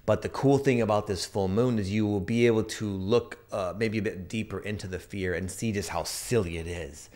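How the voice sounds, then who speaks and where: A man's voice: fairly low pitch, moderate pace, few pauses, a little mellow. A man in his thirties giving a casual, earnest astrology update and sharing personal stories as he reflects. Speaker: astrology and energy reader.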